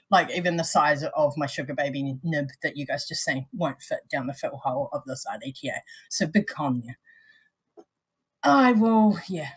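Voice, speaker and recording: Chatty New Zealand woman, husky voice. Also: low voice. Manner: chatty, explains at length with restarts. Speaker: vape show co-host. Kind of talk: casual chat.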